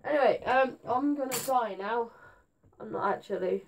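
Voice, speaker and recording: A teenage girl, rambling to camera in her bedroom; her voice is going hoarse, and she is scatterbrained and jumpy. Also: fairly high pitch, normal speed, a little hiss or hum. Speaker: gaming vlogger. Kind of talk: rambling casual vlog to camera.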